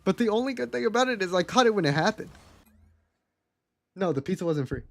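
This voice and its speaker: Candid young man with a higher voice. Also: animated, fairly quick, vocal fry, dry recording. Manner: chatty and candid, swears freely. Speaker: livestreamer. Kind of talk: casual storytelling to a live chat.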